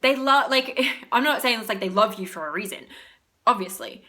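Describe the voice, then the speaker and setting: A woman's voice: on the high side, lively intonation, moderate pace, pushed and bright. A young woman, talking in a casual, rambling motivational vlog as a spiritual reader, often laughing.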